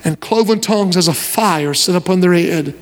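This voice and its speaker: A man pastor delivering an impassioned sermon, rising to shouts and dropping to hushed pleas. His voice sits high for a man. Long reverb from a large church sanctuary trails every phrase. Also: moderate pace. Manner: impassioned preaching, shifting between shouts and hushed lines.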